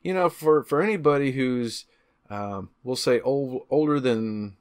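A man's voice: medium pitch, unhurried, smooth. A man in his thirties hosting a podcast, upbeat and playful, chatting casually with a few false starts. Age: 30s. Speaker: podcast host.

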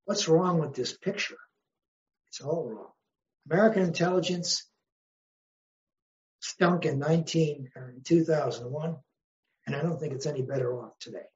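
A man's voice: fairly high pitch, normal speed, pauses often, dull audio. A man, a history professor, speaking as an interview guest in an emphatic, wry way and posing rhetorical questions. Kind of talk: conversational interview.

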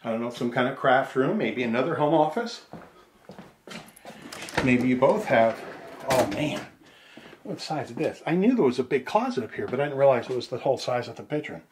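In a casual house tour, a slightly breathless middle-aged realtor rambles and cracks jokes for the camera inside a large empty home. He speaks at a medium pitch and moderate pace with lively intonation and long pauses. The rooms are echoey and the background is noisy.

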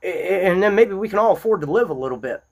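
Man, blunt angry monologue, repeats himself, high voice, very lively pitch. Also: fast talker, vocal fry. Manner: agitated, repetitive, blunt. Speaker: political commentary host. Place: small-town home.

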